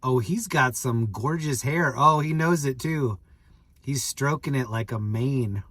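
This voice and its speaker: A man's voice: medium pitch, a little slow, a bit bright, breathy edge, no echo. A man casually chatting on a live stream, joking, rambling, and greeting viewers by name.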